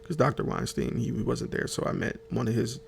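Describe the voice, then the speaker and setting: Over a little hiss or hum, a podcast host with a mid-range voice, steady tone and vocal fry tells a comic story briskly. His style is chatty and rambling, addressing his audience directly and full of fillers and restarted sentences.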